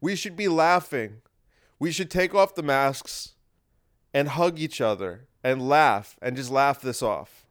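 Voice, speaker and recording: A man's voice: mid-range voice, slow pace. A man hosting a podcast, talking in a casual, wry and rambling monologue that circles back and repeats itself. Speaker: podcast host.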